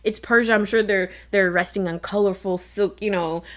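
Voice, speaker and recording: A woman's voice: mid-range voice, fairly even intonation, moderate pace. A woman co-hosting a casual faith podcast, retelling a Bible story with amusement and frequent agreement. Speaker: podcast co-host.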